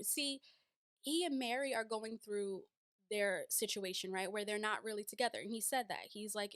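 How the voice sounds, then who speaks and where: A woman's voice: medium pitch, animated, a little fast, fairly bright tone, dry recording. A woman giving casual, emphatic reaction commentary on a reality show, with many rhetorical questions.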